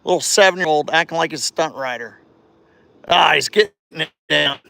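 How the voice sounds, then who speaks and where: Rambling, higher-voiced man filming outdoors on a street. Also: creaky, sharp tone, dry recording. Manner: rambling, halting, with many restarts; cheering and coaching a child. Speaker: vlogger livestreaming. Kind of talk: casual live-stream chat.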